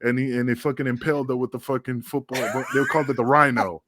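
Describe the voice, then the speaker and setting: A man's voice: medium pitch, steady tone, fast talker, a bit bright, no room sound, clean studio sound. A middle-aged man, a former pro wrestler, telling rambling, profane backstage stories in a casual podcast chat. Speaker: retired pro wrestler guest.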